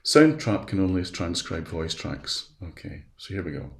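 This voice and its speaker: Male webinar presenter, low gravelly voice, talks through each click in a chatty way, roomy echo. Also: big pitch swings, normal speed. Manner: chatty, walks through steps aloud. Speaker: education specialist presenting a webinar. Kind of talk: live software demonstration. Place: at his computer.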